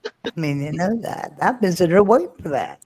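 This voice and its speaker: A man's voice: high-pitched, very animated, fast, darkish tone, husky. A man on a casual livestream, rambling along and ribbing a friend good-naturedly.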